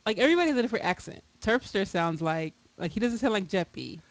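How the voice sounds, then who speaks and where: A woman's voice: mid-range voice, lively intonation, fairly quick. An American woman co-hosting a podcast, chatting in a teasing, playful way. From United States. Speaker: podcast co-host. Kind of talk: casual podcast chat.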